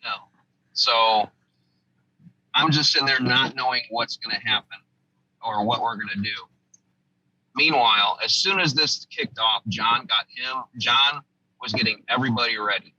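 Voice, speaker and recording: Veteran storyteller, man, very bright tense tone, slightly dull audio. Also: mid-range voice, moderate pace, pauses often, slight background noise. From United States. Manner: vivid storytelling, acting out quoted lines. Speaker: guest, former army sergeant. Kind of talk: recounting a combat story in a podcast interview.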